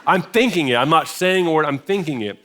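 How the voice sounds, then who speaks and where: A middle-aged American pastor preaching in a church, telling a personal story in a conversational way with self-deprecating humor. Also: male voice, a little high, animated, a little fast, pushed and bright, a little hiss or hum. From United States. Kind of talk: sermon storytelling. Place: church sanctuary.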